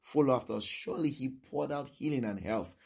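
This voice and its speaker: A man's voice: medium pitch, brisk, vocal fry, darkish tone, husky. A male preacher giving a sermon who repeats his points and keeps asking "all right?".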